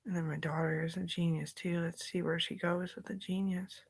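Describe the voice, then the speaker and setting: A woman's voice: lowish voice, level tone, normal speed, vocal fry, husky. A woman talking in a loose, drifting casual monologue, often sinking into a whisper.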